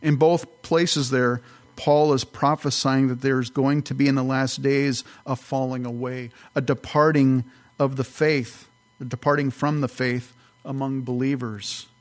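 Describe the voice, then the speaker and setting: A man's voice: medium pitch, steady tone, unhurried. Man teaching scripture verse by verse. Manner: explanatory, conversational, with fillers. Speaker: pastor.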